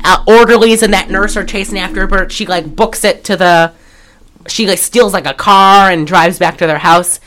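A woman co-hosting a podcast, recapping a movie in casual chat, animated and profane, with lots of fillers and laughter. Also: medium pitch, moderate pace. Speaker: podcast co-host.

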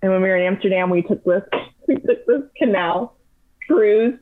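A young woman in her twenties, a podcast guest, telling travel stories in a chatty, animated way with lots of "like". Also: medium pitch, normal speed. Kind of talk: casual storytelling. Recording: tinny phone-like line.

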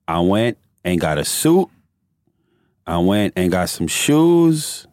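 This is a man with a lower-pitched voice who tells stories in an animated, profane way, with his pitch jumping up and down as he goes. He laughs easily through his story. The sound is dry and close. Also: slow, long pauses, no room sound. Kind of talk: casual storytelling.

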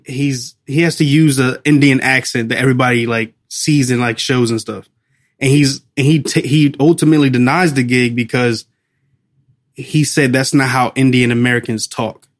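A chatty man co-hosts a casual movie review podcast, his voice pitched in the middle range. He laughs easily and trails off mid-sentence while he hunts for a name. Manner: chatty, laughs often, trails off searching for names. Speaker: podcast co-host.

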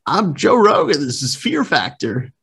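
A man doing an impression of a famous male podcast host, in a booming announcer delivery. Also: big pitch swings, measured pace, a bit bright, slightly rough, heavily acted. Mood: announcing.

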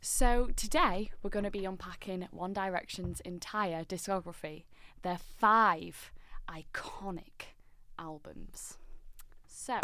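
A woman's voice: lowish voice, takes it slowly, pushed and bright, no echo. A woman co-hosting a podcast, chatting in a bubbly, giggly way. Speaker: podcast co-host. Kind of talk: casual chat.

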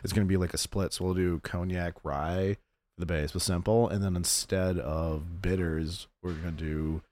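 A man with a deep, low voice co-hosts a casual podcast chat. He is playful and easily slips into mimicking other people as he talks about drinks. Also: steady tone, normal speed, a little mellow. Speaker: podcast co-host, bartender.

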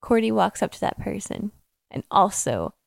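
A woman's voice: mid-range voice, big pitch swings, normal speed, vocal fry, dry recording, clean studio sound. A woman playing a tabletop game, giggly and playful as she describes her character. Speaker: player.

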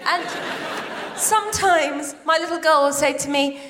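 Casting: high-pitched woman, forties, bubbly stand-up comic working a theatre crowd. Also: noisy background. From Iran. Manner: excitable, quick asides to the crowd. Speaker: stand-up comedian. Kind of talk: live stand-up set. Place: large theatre stage.

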